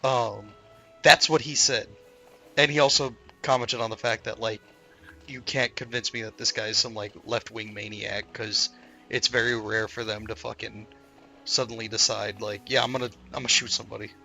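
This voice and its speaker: Male streamer, casual profane rambling chat, gravelly and crisp-bright tone. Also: fairly low pitch, fairly even intonation, normal speed, soft background music. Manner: rambling, profane, lots of fillers. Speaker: gaming streamer. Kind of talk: casual chat while gaming.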